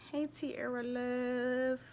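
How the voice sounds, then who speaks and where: A woman hosting a casual faith and relationship live stream, chatting animatedly and shouting out viewers by name. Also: a little high, level tone, drawn-out words, slight background noise.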